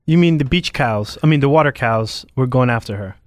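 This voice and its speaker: A man co-hosting a comedy podcast, cutting in with quick jokes and teasing his partner. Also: medium pitch, expressive, no echo, studio quality. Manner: quick joking interjections, teasing. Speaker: podcast co-host. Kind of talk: casual comedy podcast banter.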